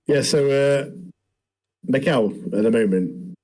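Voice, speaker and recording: A man co-hosting a podcast, recapping in a relaxed, rambling way. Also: medium pitch, takes it slowly, low-quality recording. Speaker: podcast co-host. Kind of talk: casual chat, recapping episodes.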